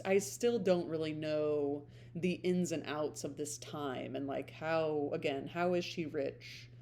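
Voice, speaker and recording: A woman's voice: low voice, dark tone, slight background noise. A woman who reads books on her channel, talking casually and thinking aloud as she searches for her words. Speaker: book reader and vlogger. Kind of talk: casual reflective chat.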